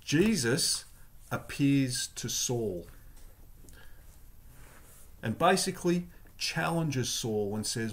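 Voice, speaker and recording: Slow, earnest male preacher. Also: mid-range voice, animated. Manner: earnest, emphatic, with repeated phrases. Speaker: Salvation Army pastor. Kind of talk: sermon.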